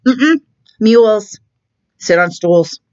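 A woman voicing a bossy know-it-all cat who talks slowly and matter-of-factly. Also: medium pitch, animated, darkish tone, dull audio, pitched above the performer's own voice. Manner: slow, drawn-out and matter-of-fact.

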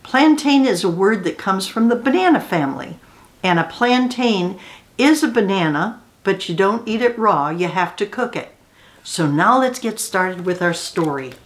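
A woman reading a picture book aloud to children, gently explaining new words and asking them questions. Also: mid-range voice, lively intonation, moderate pace. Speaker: children's storyteller.

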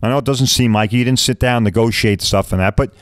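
A man's voice: mid-range voice, fast, no room sound. Blunt, rambling middle-aged man. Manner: rambling and blunt, mild swearing; chatty, keeps asking "right?". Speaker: podcast host. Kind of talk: casual podcast talk.

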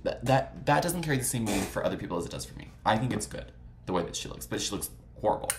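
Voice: mid-range voice, expressive, very fast, background noise. A vlog host chatting casually while browsing old photos, gushing and swearing freely, full of dramatic exclamations and "like" fillers.

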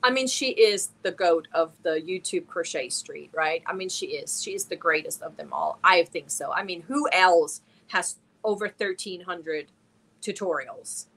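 On a casual live stream, a middle-aged German woman with a lowish voice speaks at a measured pace. She reads viewers' chat messages aloud and warmly answers them one at a time.

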